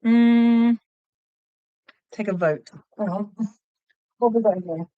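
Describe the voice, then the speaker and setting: A woman hosting a casual livestream while she crochets. She chats, gets sidetracked, and counts her stitches out loud. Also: mid-range voice, slow pace, no echo, phone-quality sound. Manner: chatty and easily sidetracked, counts stitches aloud. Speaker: livestream host.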